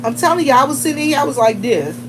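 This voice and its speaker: A woman's voice: high-pitched, lively intonation, fast, background noise. A woman hosting a casual livestream, chatting straight to her viewers and greeting them by name as they come in. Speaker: livestream host.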